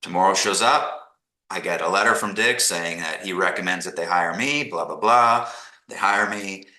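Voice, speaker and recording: A middle-aged man from Canada, a podcast guest telling animated stories and acting out the people he quotes. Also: low-pitched, normal speed, reverberant, rough recording. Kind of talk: casual storytelling interview.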